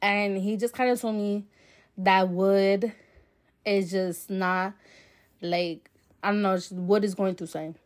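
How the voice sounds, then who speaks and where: A woman's voice: mid-range voice, fairly even intonation, unhurried, long pauses. A young woman hosts her own podcast, telling a personal story in a loose, candid way. She talks in a mid-range voice, full of fillers and swearing. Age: young adult. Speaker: podcast host. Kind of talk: casual storytelling. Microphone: solo podcast mic.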